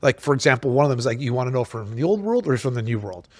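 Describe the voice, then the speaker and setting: A man hosting a casual podcast chat, telling stories in an animated, emphatic way with many restarts. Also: medium pitch, rapid-fire, dry recording. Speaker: podcast host.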